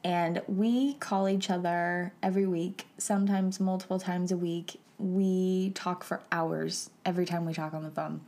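Animated woman telling a heartfelt story. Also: on the low side, a little slow, few pauses. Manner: emotional and animated, addresses listeners as "you guys"; casual and chatty, with frequent "like" fillers. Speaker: podcast host. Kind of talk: personal storytelling monologue.

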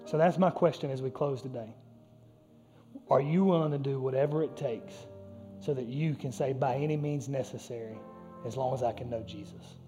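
Man, pastor, high voice, passionate sermon, soft music behind. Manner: impassioned preaching, rising and falling intensity.

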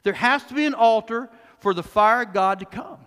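Male pastor, very high and bright, emphatic sermon delivery, long church-hall reverb. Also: normal speed. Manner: emphatic preaching, shifts between loud high bursts and low quiet asides; mocks and acts out quoted speech.

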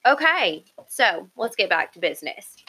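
Bright, excitable woman podcast co-host. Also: mid-range voice, normal speed, slight background noise, poor audio. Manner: excitable, chatty, giggly. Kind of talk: casual podcast chat.

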